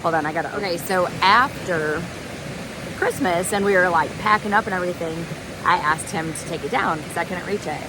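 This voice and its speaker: A woman's voice: lowish voice, fairly quick. A woman, chatting to the camera about her hike in a giggly, storytelling way. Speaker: thru-hiker vlogger. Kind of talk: casual vlog talk to camera. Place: outdoors by a waterfall and creek. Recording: noisy outdoor recording.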